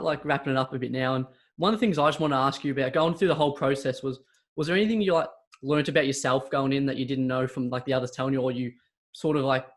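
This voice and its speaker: Fast-talking podcast co-host, man. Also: medium pitch. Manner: chatty, fillers like "like". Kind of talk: casual chat.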